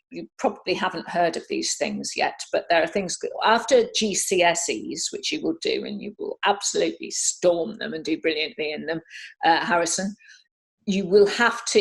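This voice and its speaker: A woman in her fifties from Britain, chatty and quick to laugh, answering questions in a casual video chat. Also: on the low side, creaky, a bit bright. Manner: chatty, laughs often, many fillers. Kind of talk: casual Q&A over video call.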